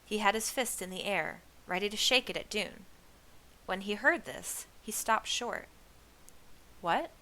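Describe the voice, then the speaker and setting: Woman, book read-aloud, bright and crisp voice, expressive narration. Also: mid-range voice, normal speed. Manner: expressive storybook reading. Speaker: reader of a children's book. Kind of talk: reading a novel aloud.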